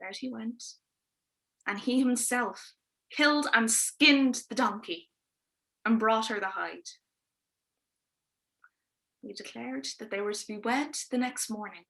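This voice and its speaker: A woman telling a fairy tale on a livestream, lively and informal, with wry asides. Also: a little high, slow, creaky, pauses often. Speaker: storyteller. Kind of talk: oral storytelling performance on a livestream.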